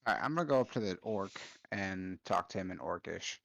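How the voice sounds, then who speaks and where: Man player, slangy, low gravelly voice, dry room. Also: lively intonation, a little fast, fairly bright tone, no room sound. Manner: slangy, profane. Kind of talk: casual tabletop play.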